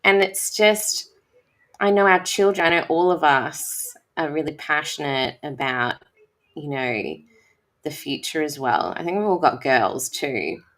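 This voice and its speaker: A woman's voice: low-pitched, a little slow, a bit bright. A woman, a teacher, talking enthusiastically in a casual conversation and rambling as she searches for words.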